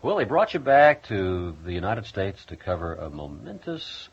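Male radio interviewer, prompting questions, some hesitations, husky, lively pitch, dull lo-fi sound. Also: moderate pace.

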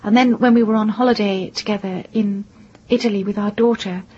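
A woman interviewee recounting events in a measured, composed way, with a husky voice. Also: mid-range voice, steady tone, mellow. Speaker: interviewee, widow of the victim. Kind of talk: interview answers. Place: in London. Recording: dull lo-fi broadcast audio.

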